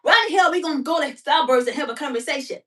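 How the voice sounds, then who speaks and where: Livestream host, female, chatty and animated, quick to laugh, slightly high voice, sits back from the mic. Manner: animated, talkative, quick to laugh, fires off rhetorical questions. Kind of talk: casual livestream chat with viewers. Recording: voice somewhat far from the mic.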